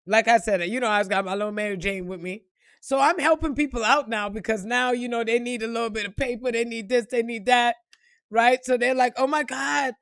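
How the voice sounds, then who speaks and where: A woman's voice: fairly high pitch, fairly bright tone, dry recording, clean studio sound. A woman telling a personal story in casual, profane vlog style, acting out the quotes and laughing along.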